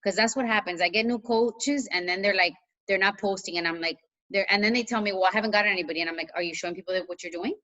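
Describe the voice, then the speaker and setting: Brief: woman coach, mid-pitched, chatty, encouraging, dull lo-fi call audio. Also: fast talker, bright, forceful tone. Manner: chatty, encouraging, many fillers. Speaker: coach mentor. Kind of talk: casual video call talk. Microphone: video call.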